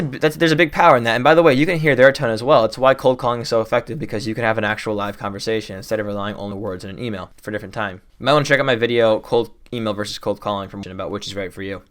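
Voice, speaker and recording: A young man teaching cold-calling tips in a casual, excited way, riffing off the top of his head and talking quickly. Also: on the low side. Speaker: sales trainer. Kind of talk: fast casual teaching to camera.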